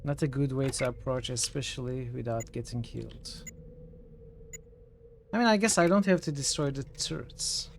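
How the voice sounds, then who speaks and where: A man's voice: medium pitch, moderate pace, creaky, slight background noise. A man streaming a tactics game, giving casual live commentary as he thinks aloud, corrects himself and reacts with surprised exclamations.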